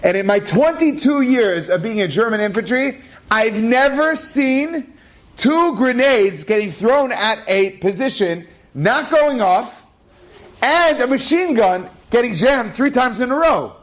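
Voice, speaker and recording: A man voicing a stern, middle-aged German infantry officer, speaking slowly and emphatically in a raised voice. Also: very high-pitched, animated, pitched above the performer's own voice. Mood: awed, solemn.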